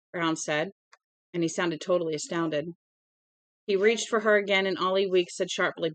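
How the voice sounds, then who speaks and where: A woman's voice: medium pitch, moderate pace, a bit bright, dry recording. A woman casually reading a novel aloud at home, now and then stumbling over words and correcting herself. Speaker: storybook reader.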